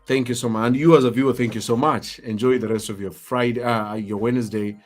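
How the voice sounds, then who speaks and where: A man's voice: mid-range voice, steady tone, fairly quick, few pauses, faint music behind. A man hosting a live talk show, speaking emphatically, repeating himself and teasing his viewers. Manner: emphatic, repetitive, playfully teasing.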